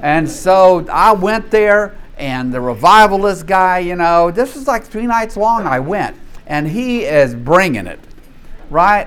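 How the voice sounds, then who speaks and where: A man's voice: sits high, takes it slowly, smooth. A man from North Louisiana teaching a Bible study in a conversational way, often checking in with the group and telling stories with animation. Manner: animated storyteller.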